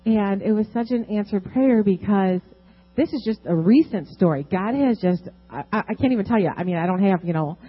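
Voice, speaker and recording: A woman sharing a personal testimony at a church service on a handheld mic, halting with many ums, earnest and emotional. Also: mid-range voice, expressive, husky, dull audio, soft background music. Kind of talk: unscripted testimony.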